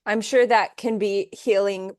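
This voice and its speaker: A woman's voice: medium pitch, fairly even intonation, measured pace, no echo, clean studio sound. A woman hosting a casual interview, reflective, summarizing what her guest said. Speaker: podcast host.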